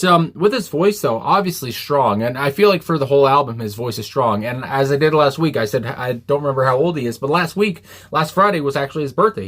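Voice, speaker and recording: A man talking casually as a music reaction host, rambling with many fillers and restarts and laughing often. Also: medium pitch. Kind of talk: casual spoken music review.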